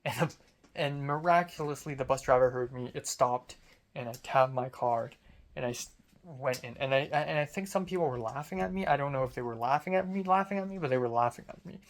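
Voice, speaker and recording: A man's voice: medium pitch, a little fast. A young man from Hong Kong telling a story in a casual, rambling way, with self-mocking asides and casual swearing.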